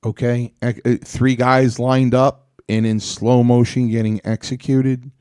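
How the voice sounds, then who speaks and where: A man in casual conversation, circling back with fillers and repeated starts as he tells a story. His voice sits at an ordinary middle pitch and is recorded close and dry. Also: flat delivery, unhurried, darkish tone, clear, resonant tone, no room sound. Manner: rambling, many restarts and fillers. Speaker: podcast host. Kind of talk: casual chat.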